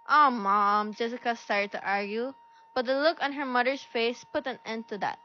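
A woman's voice: fairly high pitch, moderate pace, fairly bright tone. A woman reading a children's story aloud, shifting her voice a little for each character. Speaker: storybook reader. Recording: dull lo-fi recording with faint music.

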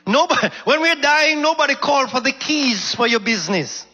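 A man who is a minister, preaching a sermon slowly and emphatically and asking the congregation questions. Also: very high voice, lively intonation, pushed and bright, soft background music. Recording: dull sound with long hall reverb.

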